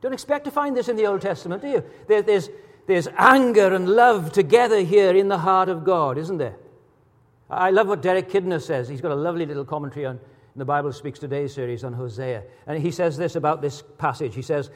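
Man, preacher, sermon, rhetorical questions, fairly high voice, long hall reverb. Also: a little fast. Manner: rhetorical questions, rising to emphatic peaks.

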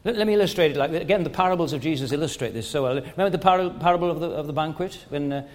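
A man's voice: a little high, very fast, a little mellow, big-room sound. A man preaching a sermon in an earnest way, asking rhetorical questions and often stammering and restarting his phrases.

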